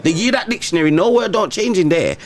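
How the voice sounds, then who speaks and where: A man with a London accent co-hosting a podcast, talking in casual, animated banter. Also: quick pace. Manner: animated, swings from low mutter to shouting laughter. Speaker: podcast co-host.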